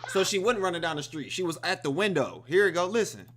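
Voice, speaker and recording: A man hosting a reaction video, telling the story of a film in a casual, excited, profane way. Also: high-pitched, quick pace, noisy background.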